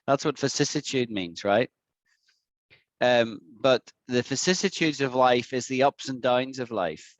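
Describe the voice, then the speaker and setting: A man teaching an online English lesson, patiently repeating words slowly for his students to practice. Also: mid-range voice, dry recording. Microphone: video call.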